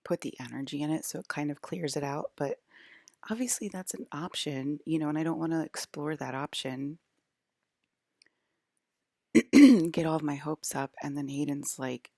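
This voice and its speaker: A woman's voice: deep voice, moderate pace, creaky, pauses often, dark tone, no room sound, studio quality. A young woman rambling casually to her viewers in a vlog, full of "like" and restarts. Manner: rambling, filler-heavy, lots of "like". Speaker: vlogger.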